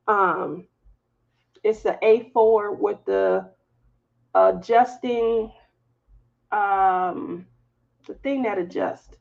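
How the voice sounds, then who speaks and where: Hosting a craft channel live stream, this Southern US woman keeps things chatty, breaking into laughter between her storytelling asides. She speaks at a medium pitch with a gravelly texture, captured on slightly dull lo-fi audio.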